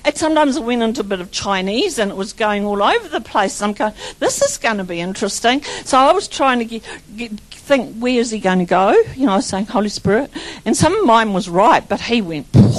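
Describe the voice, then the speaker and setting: Woman preacher, high voice, charismatic sermon, rambling and fervent. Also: lively intonation, a little fast, low-quality recording. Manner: fervent, repeats phrases, breaks into laughter; rambling with restarts and stumbles.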